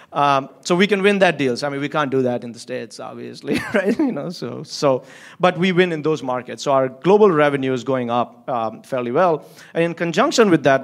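A man who runs a company, talking casually in an interview, candid and profane, with frequent restarts and a habit of chuckling through his stories. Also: mid-range voice. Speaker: company founder and CEO.

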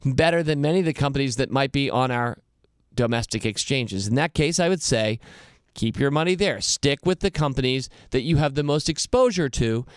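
A male podcast host reads out listener questions and answers them earnestly. His voice is smooth and resonant, and the recording is dry and close. He speaks at a middle pitch. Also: expressive, normal speed, no room sound.

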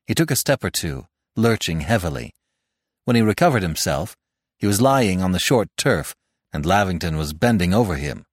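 A man with a low voice narrates a story, his intonation rising and falling widely with dramatic emphasis. The recording is dry and close, with no room echo. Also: moderate pace. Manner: expressive storytelling. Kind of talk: scripted narration.

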